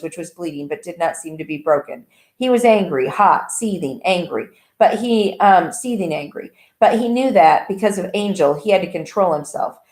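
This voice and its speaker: A woman reading a novel aloud in an even, plain way with small slips. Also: on the low side. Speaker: audiobook reader. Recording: echoey room.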